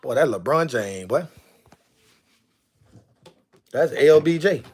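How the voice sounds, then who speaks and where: A man's voice: medium pitch, expressive, slow pace, darkish tone, husky. A man chatting casually on a live stream, exclaiming to himself as he goes through jerseys. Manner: drawling, exclaiming to himself while sorting jerseys.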